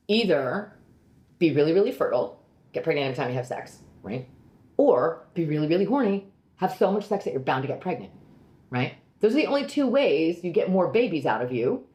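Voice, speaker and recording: A blunt, rambling woman co-hosting a casual podcast chat, her low voice swinging up and down with lively energy. She speaks in a roomy space, and the recording carries a noticeable echo. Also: brisk. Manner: blunt, rambling, heavy use of "like". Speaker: podcast co-host, comedian.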